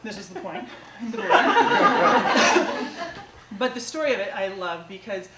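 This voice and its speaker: A woman's voice: on the high side, wildly swooping pitch, slow, sharp tone, recorded from a distance. Chatty woman telling stories in an echoey theater. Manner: chatty, self-mocking, lots of "like" and "you know". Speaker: comedic storyteller. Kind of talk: live stand-up storytelling. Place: small theater stage before a live audience. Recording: echoey theater taped from afar with audience noise.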